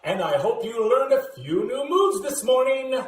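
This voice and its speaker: A male host with a very high voice and a lot of lift in his pitch signs off the program. He speaks slowly in a friendly, sing-song way. The sound is echoey, with faint music behind him. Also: big pitch swings, a little hiss or hum. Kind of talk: show sign-off.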